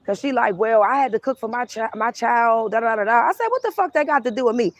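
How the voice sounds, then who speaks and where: A young woman who reads tarot tells a storytime rant in a fast, expressive, somewhat high voice. She's casual but heated and profane, playing out both sides of an argument.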